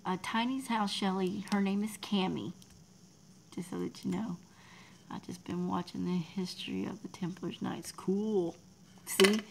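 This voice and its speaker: Here the same kind of scene plays out with a creaky, medium-pitched voice held at a steady tone and a slightly slow pace: a woman from Texas who makes art on livestream, loosely rambling to viewers, reading their chat out loud and laughing often. There's a little hiss or hum on a rough recording.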